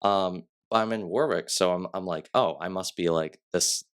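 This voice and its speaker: Low-voiced young man telling stories. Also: normal speed, clean tone. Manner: storytelling with acted quotes, many "like" fillers. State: sniffly. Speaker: podcast guest. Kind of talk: casual podcast chat.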